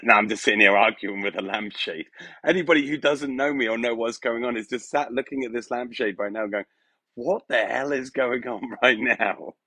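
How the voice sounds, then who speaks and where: A man's voice: medium pitch, bright, forceful tone, husky, no echo. A man hosting a live stream, talking in a hesitant, rambling way full of fillers, his voice turning emotional at moments. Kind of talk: casual live-stream chat. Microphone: phone.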